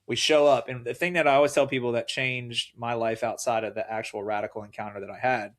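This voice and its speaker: Animated man telling his story. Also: mid-range voice, fast talker. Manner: animated, acts out quoted voices. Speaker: podcast guest. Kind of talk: casual storytelling conversation.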